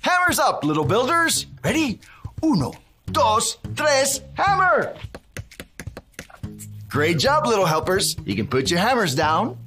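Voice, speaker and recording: A man's voice: high-pitched, wildly swooping pitch, unhurried, long pauses, pushed and bright, faint music behind, exaggerated voice. A man playing a cheerful, friendly handyman who leads a scripted children's Bible lesson in a bouncy, exclamatory way and sprinkles in Spanish words. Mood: upbeat. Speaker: children's church presenter.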